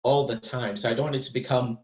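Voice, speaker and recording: A man teaching an acting masterclass, talking in an animated, encouraging way and repeating words as he thinks. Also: mid-range voice, fast, poor audio. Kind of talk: masterclass coaching.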